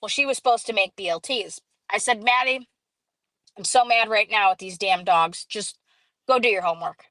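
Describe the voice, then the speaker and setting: A woman hosting a casual live stream, telling a story in an animated way, acting out quoted dialogue and greeting viewers as she goes. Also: medium pitch, moderate pace, no echo, low-quality recording.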